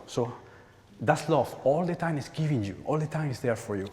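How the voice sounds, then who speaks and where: A man's voice: mid-range voice, darkish tone. Spanish guy in his 40s giving a talk, keeps repeating himself, laughs a lot, long echo in a big hall. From Spain. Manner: halting, repeats words, laughs often. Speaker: conference speaker. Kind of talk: conference talk. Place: large church hall. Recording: hall reverb.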